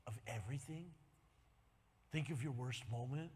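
A man in his sixties preaching a sermon, telling a story with animated swings and rising to shouts of praise. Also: on the high side, moderate pace. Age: 60s. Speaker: pastor. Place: church sanctuary. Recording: long hall reverb.

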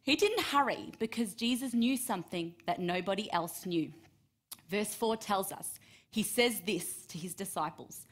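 A woman, teaching a Bible story to children in a chatty way, asking listeners by name and dropping to a hush for emphasis. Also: medium pitch, a little slow. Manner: lively, chatty, asks listeners by name, drops to hushed tones for emphasis.

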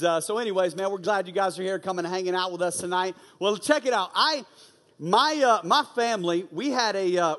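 A young man giving an energetic, conversational youth sermon and often asking "you know what I'm saying". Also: high voice. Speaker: youth pastor. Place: large church auditorium. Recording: long hall reverb.

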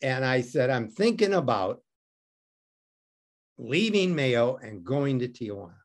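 A man from Detroit tells a story as an interview guest. He is wry and self-mocking and acts out each quoted line. His pitch rises and falls a great deal as he talks. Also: sing-song, slow pace. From Detroit, USA. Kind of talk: animated storytelling.

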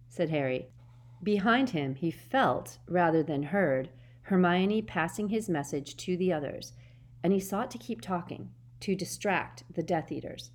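A woman reads a story aloud with a steady, expressive delivery. Her voice sits on the lower side. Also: unhurried. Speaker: narrator. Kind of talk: audiobook narration.

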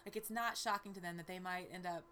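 A woman's voice: lowish voice, steady tone, fast talker, pushed and bright, slight background noise. A woman from the American South, a touring performer, chatting eagerly as a guest with lots of restarts. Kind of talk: casual conversation.

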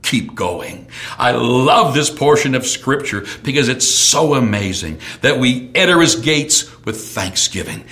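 A middle-aged man preaching a sermon at an ordinary pitch. He leans into hushed, almost whispered lines, then jumps up into ringing shouts. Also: animated, unhurried. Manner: swings from soft near-whispers to sudden shouts. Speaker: pastor.

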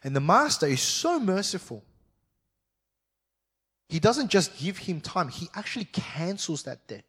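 A man's voice: sits high, big pitch swings, a little slow, fairly bright tone, slightly rough. A man preaching a sermon as pastor, talking with his listeners in a conversational way, often checking in with them, and reading scripture aloud with expression. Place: church service.

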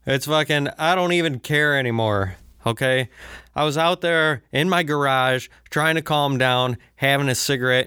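A man's voice: medium pitch, pushed and bright, smooth, no room sound, clean studio sound. A man hosting a solo podcast from his basement, ranting with heavy swearing, rambling asides and lots of filler words. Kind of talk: profane ranting monologue. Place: home basement, alone.

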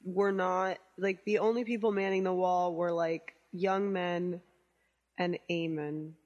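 A woman's voice: lowish voice, fairly even intonation, slow, darkish tone, in a large hall, lo-fi sound. A woman hosting a podcast, steering the chat with wry remarks. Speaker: podcast host. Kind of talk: casual chat.

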